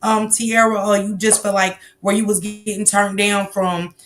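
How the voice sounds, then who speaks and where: A woman hosting a livestream interview, casually reading out viewer comments and giving shout-outs. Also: medium pitch, little pitch movement, moderate pace. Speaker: livestream host.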